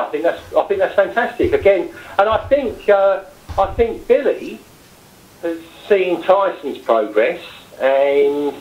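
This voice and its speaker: A man's voice: a little high, a little mellow. A man with a London accent, chatting casually as a guest, hesitant and full of restarts. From London, England. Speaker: guest, cab driver. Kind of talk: casual chat. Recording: echoey, dull lo-fi sound.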